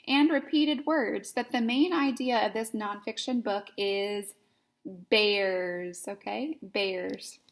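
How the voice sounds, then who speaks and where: A woman teaching young children in a slow, clear, patient way, spelling words out letter by letter in a sing-song manner. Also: on the high side. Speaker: kindergarten teacher.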